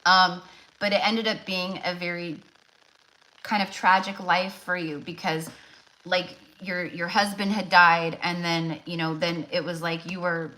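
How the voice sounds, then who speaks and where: A woman's voice: on the low side, level tone, unhurried, pushed and bright, rough recording. A woman giving casual live tarot readings, chatty and loose, full of fillers and restarts. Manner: chatty, many fillers and restarts, laughs often. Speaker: tarot reader.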